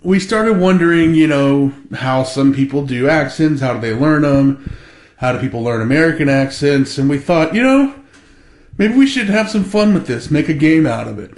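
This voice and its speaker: A man's voice: a little high, animated, normal speed, a little mellow. Chatty podcast guy, laughs a lot, echoey room sound. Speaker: podcast co-host. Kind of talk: casual chat.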